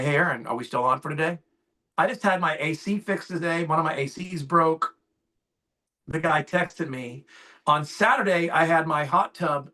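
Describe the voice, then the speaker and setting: Man, 50s, sales agent on a call: fired-up, emphatic, fairly high voice. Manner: animated, acts out both sides of client calls. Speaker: insurance sales agent sharing tips. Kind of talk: casual call talk. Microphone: call audio.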